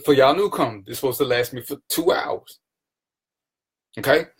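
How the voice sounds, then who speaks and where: A man's voice: mid-range voice, normal speed, fairly bright tone, slightly rough. A man hosting his own live stream, greeting viewers by name and teasing them in casual, playful banter. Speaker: livestream talk show host.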